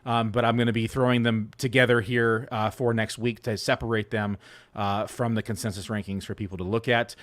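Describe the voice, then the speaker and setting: A man's voice: on the low side, little pitch movement, fairly quick. Laid-back man chatting fantasy football. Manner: laid-back, rambling with many fillers. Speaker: fantasy football analyst co-host. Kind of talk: casual podcast chat.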